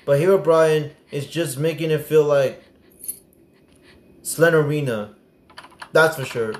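A young man commentating a horror game as he plays, excitable and prone to sudden yelps and swearing. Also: a little high, takes it slowly, roomy sound. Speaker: gaming streamer. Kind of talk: gameplay commentary.

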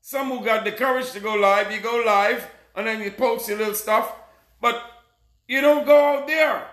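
High-voiced man preaching a fiery sermon. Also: moderate pace. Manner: urgent, scolding, often shouting. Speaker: self-proclaimed messiah preacher. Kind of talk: fiery street-style sermon. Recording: roomy echo.

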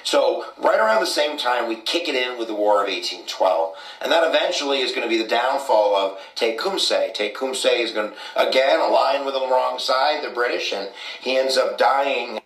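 A man's voice: medium pitch, lively intonation, moderate pace, a bit bright, distant mic. A man explaining history casually, with many fillers like "kind of" and "you know". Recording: echoey clip from off-mic.

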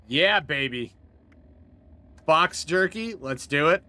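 A man's voice: fairly high pitch, expressive, extremely slow, long pauses, pushed and bright, no room sound. A man streaming a video game with friends, playful and giggly, muttering as he loots. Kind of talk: casual gaming chat.

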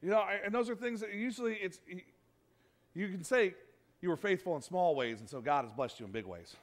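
Guy pastor preaching in church, pretty high voice, chatty and lively, acts out little quotes. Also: a little fast. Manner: conversational, animated preaching with acted-out quotes. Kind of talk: sermon.

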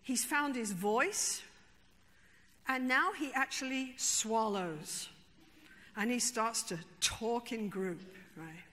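A woman therapist telling an emphatic, expressive story to a conference audience, with frequent asides to the listeners. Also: on the high side, slow. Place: large conference hall. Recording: long reverb in a large hall.

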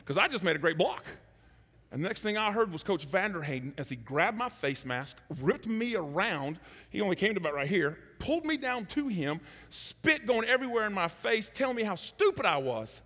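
A middle-aged man preaching a sermon, telling a story and acting out the shouted quotes. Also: sits high, brisk, in a large hall. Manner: animated, acts out shouted quotes. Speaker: pastor. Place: large church hall.

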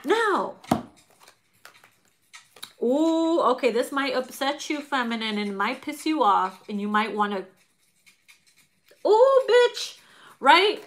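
A middle-aged woman giving a casual tarot reading to viewers, animated and profane, laughing often and acting out quotes. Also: a little high, measured pace, pauses often, a little hiss or hum. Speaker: tarot reader.

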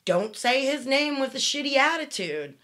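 A woman's voice: sits high, sing-song, normal speed, fairly bright tone. A middle-aged woman co-hosting a podcast, speaking bluntly and candidly with a wry edge in casual conversation. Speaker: podcast co-host.

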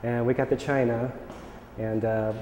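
Mellow-voiced American man in a roomy space. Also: mid-range voice, measured pace, slight background noise. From United States. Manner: relaxed and candid, with filler words and light laughs. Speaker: artist. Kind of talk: casual monologue to camera. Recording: roomy reverberant space with faint ambience.

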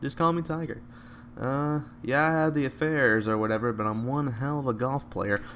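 A man giving live, joking commentary over a video game, with excited outbursts at each shot. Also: medium pitch, moderate pace, a little hiss or hum. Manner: excitable, joking, bursts out at shots. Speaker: gameplay commentator.

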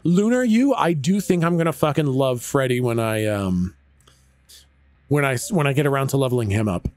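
A man's voice: medium pitch, animated, moderate pace, a little mellow, no echo. A Canadian man casually chatting with his viewers while streaming a game, laid-back and chatty, with frequent laughs and some swearing.

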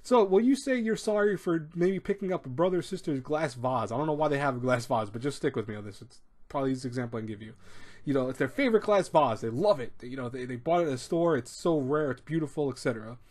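Man, casual advice host, rambling, mid-pitched voice, acts out quotes. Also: lively intonation, quick pace, a little mellow. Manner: rambling, repeats words, acts out quoted speech. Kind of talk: casual advice talk to camera.

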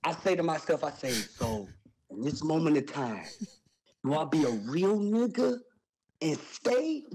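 A young man telling a wild story on a podcast, loud and animated, with sound effects and profane slang. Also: a little high, unhurried, crowd noise, poor audio.

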